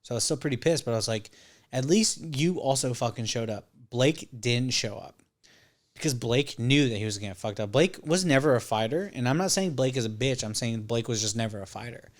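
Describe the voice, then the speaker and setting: Homme qui raconte une histoire en jurant. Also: male voice, mid-range voice, brisk. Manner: profane, rambling, acts out quotes. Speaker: podcast guest. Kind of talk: casual storytelling.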